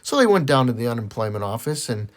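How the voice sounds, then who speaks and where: A man telling dirty jokes as an animated, swooping storyteller. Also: medium pitch, fast. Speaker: comedian.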